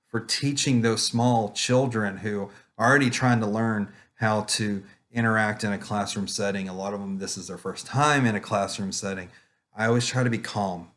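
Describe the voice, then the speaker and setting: A man who does children's ministry puppetry, giving a casual, calm, rambling talk over a webcam with many fillers. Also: on the low side, moderate pace. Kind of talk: casual online conference talk.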